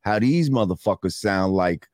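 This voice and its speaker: A man's voice: low-pitched, lively intonation, moderate pace, a little mellow. A man telling stories animatedly and laughing often in casual podcast banter. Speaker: podcast co-host.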